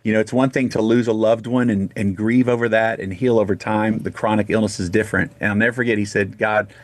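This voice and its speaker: A middle-aged man from Texas telling a personal story in a casual radio interview, animated and full of restarts. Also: lowish voice, fast. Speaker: guest singer.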